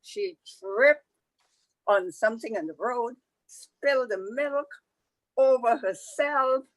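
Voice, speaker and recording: A woman from the Caribbean telling a folktale to a live audience, lively and conversational with asides. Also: on the high side, takes it slowly, no echo, rough recording. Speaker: storyteller.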